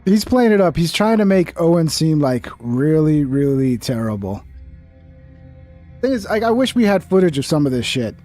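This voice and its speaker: A man's voice: on the high side, big pitch swings, moderate pace, warm tone, faint music behind. A young man giving casual, skeptical reaction commentary and swearing freely. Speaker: commentary streamer.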